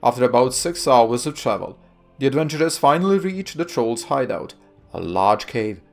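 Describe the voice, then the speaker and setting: Man game master, easygoing narration, frequent laughs and fillers, soft music under. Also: mid-range voice, lively intonation, moderate pace, creaky. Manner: laughing often, hesitant fillers.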